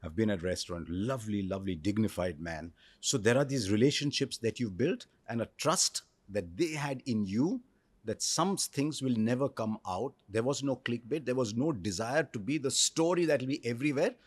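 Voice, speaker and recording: A man in his sixties with an Indian English accent, telling stories in a reflective interview with measured pauses. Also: medium pitch, expressive, slightly rough, no room sound. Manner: articulate storyteller, measured pauses. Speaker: cricket commentator, interview guest.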